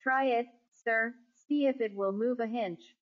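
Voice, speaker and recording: A woman's voice: fairly high pitch, a little slow, lightly acted. A woman voicing a nervous working-class male ship steward who fusses, pleads and drops his h's while calling everyone sir. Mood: fretful. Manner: drops and adds h sounds, says sir constantly; pleading, fretful. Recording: dull lo-fi recording.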